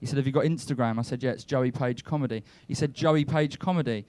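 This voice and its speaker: A young man doing a stand-up comedy set on a club stage, telling his stories deadpan and breaking into shouted rants. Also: medium pitch, fast, no room sound. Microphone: handheld stage mic.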